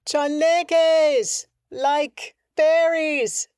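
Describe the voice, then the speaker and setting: A woman voicing a brash, mocking middle-aged male souvenir seller who shouts down from a window in a storybook reading. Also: high-pitched, steady tone, drawn-out words, no room sound, clean studio sound, pitched above the performer's own voice. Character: middle-aged mustached man, loud heckling souvenir seller.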